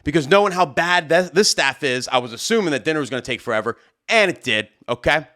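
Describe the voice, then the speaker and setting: A young man, a wedding DJ, recounting a run-in with a venue manager in a casual vlog. He talks loud and lively, his voice jumping high when he gets worked up. The pitch sits a little high for a man. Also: quick pace. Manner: animated, loud and heated, acting out both sides of an argument.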